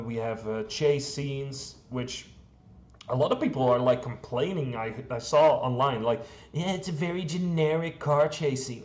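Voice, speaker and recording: A man's voice: medium pitch, darkish tone. A man from the Netherlands with a Dutch accent, reviewing a movie in a chatty way, with frequent chuckles and plenty of fillers. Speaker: film reviewer. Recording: roomy echo.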